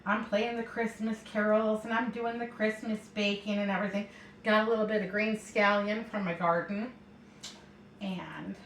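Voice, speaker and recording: A middle-aged woman tells a rambling story while she cooks in her kitchen. Her voice sits at an ordinary middle pitch and comes from a little way off the mic. The room is echoey, with faint household sound behind her. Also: steady tone, normal speed, distant mic, noisy background. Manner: rambling, meandering, keeps saying anyhow. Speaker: home cooking vlogger. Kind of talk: chatty storytelling while cooking. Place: home kitchen.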